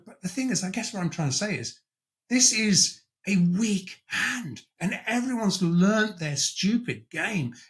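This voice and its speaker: A man's voice: high-pitched, fairly bright tone. A man hosting a conversational interview, emphatic and circling back to restate his point. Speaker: host.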